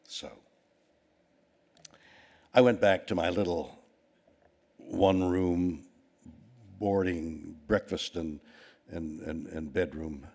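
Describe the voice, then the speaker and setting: A low, husky older man from Canada spins a meandering story for an audience. He restarts often and slips into voices when he quotes people. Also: fairly even intonation, takes it slowly, long pauses, darkish tone. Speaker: award recipient giving a speech. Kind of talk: anecdotal speech to an audience.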